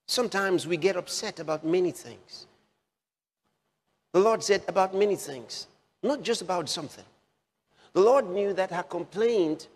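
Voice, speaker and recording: A man preaching a sermon, slowing down and repeating phrases for emphasis. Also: high voice, breathy edge, in a large hall. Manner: slow, emphatic repetition of phrases.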